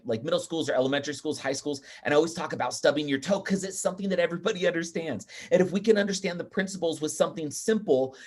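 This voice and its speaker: A man speaking as a podcast guest, talking in an energetic, emphatic and chatty way. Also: mid-range voice. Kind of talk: casual interview talk.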